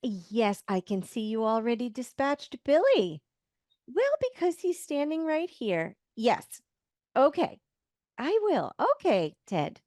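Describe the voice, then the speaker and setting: A woman's voice: fairly high pitch, sing-song, takes it slowly, darkish tone, dry recording, clean studio sound. A woman reading the part of a caring small-town museum worker who sounds helpful and reassuring, in a virtual table read. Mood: polite.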